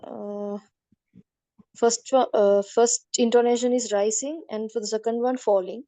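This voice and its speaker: A woman's voice: a little high, steady tone, a little slow, mellow, dry recording. A woman student politely reading out her answers in an online class, hesitant and full of fillers.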